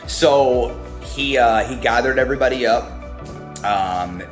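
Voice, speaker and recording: Man with a relaxed devotional storytelling style, rambling, in a roomy room with faint music under it. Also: mid-range voice, a little slow. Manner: rambling, full of ums and restarts. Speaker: speaker of a devotional talk. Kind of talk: casual Bible storytelling.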